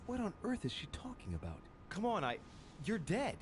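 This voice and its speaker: A man's voice: sits high, wildly swooping pitch, normal speed, slight background noise. An actor voicing a composed, guarded young nobleman in a video game, speaking curtly and levelly.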